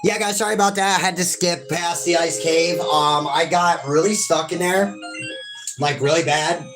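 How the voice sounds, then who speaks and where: A man hosting a let's-play, talking straight to his viewers in a loose, rambling way, full of apologies and casual cursing. His voice sits a little high for a man. Video game music plays clearly behind him. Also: normal speed. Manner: casual swearing. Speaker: gaming host.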